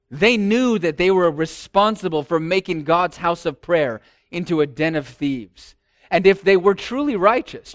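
Pastor, male, high register, dramatic delivery, dry close sound. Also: no echo. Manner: dramatic preaching, acts out quoted voices. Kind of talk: sermon.

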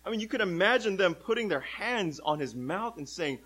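A young adult man preaching a sermon, moving between hushed lines and loud, drawn-out cries. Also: high voice, lively intonation, poor audio.

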